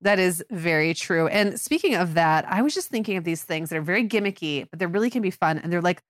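A woman's voice: fairly low pitch, expressive, fast, dry recording, clean studio sound. A middle-aged woman from Michigan co-hosting a parenting podcast, chatting casually and filling her talk with "like.". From Michigan, USA. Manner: chatty, many "like" fillers. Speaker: podcast co-host and mother. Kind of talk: casual chat.

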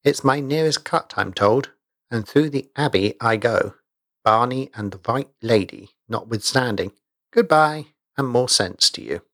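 A man's voice: medium pitch, lively intonation, measured pace, a bit bright, no room sound, clean studio sound. A man voicing a sly traveling stranger who questions the villagers with sneering skepticism. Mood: skeptical.

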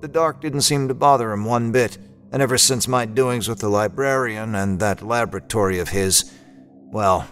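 A man's voice: lowish voice, normal speed, soft background music. A man narrating an audio drama in the first person, with a folksy old-timey drawl and a laid-back, wry manner.

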